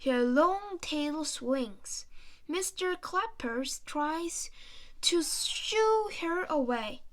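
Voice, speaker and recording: A woman reading a children's picture book aloud in a slow, sing-song way, playing up sound words and animal noises. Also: sits high, lively intonation. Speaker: storyteller.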